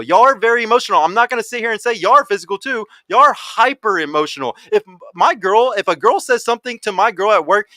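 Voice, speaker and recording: An American man hosting a dating podcast, arguing forcefully, swearing often and talking over his guests. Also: high voice, dry recording. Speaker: host. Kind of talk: heated panel debate.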